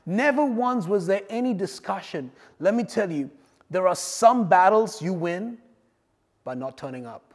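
A man preaching a sermon, swinging between loud emphatic lines and quiet asides. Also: high-pitched, lively intonation, unhurried, long reverb tail. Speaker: pastor.

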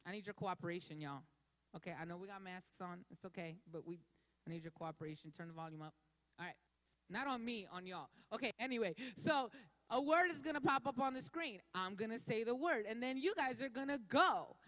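A woman's voice: mid-range voice, fairly bright tone. A woman leading an interactive sermon, playful and drawing answers from the crowd. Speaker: speaker leading a church audience. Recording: echoey hall.

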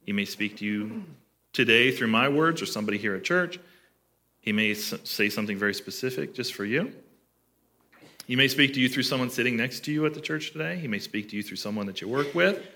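A man delivering a sermon to his church in a bright, forward voice. He talks in a conversational way and often puts questions to his listeners. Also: mid-range voice, lively intonation, a little fast. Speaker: pastor.

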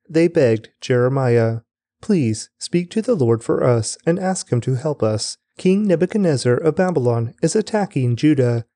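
A man giving a scripted scripture reading in a steady, measured way. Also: mid-range voice, no room sound. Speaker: scripture reader.

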